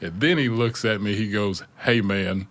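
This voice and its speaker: Male co-host, deep smooth voice, animated storyteller who laughs easily. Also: normal speed. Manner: animated storyteller, laughs often, acts out quotes. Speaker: podcast co-host. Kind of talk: casual storytelling chat.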